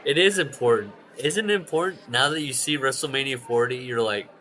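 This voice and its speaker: Man, podcast co-host, mid-range voice with a bright edge, animated and profane storyteller. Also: mid-range voice, brisk, a little hiss or hum, rough recording. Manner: animated storyteller, swears, acts out quoted lines. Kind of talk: casual chat about wrestling.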